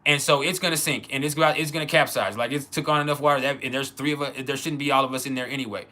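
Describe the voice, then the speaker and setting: A man telling a personal childhood story in a casual, halting way, with many restarts. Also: mid-range voice, fairly even intonation, sharp tone. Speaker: channel host.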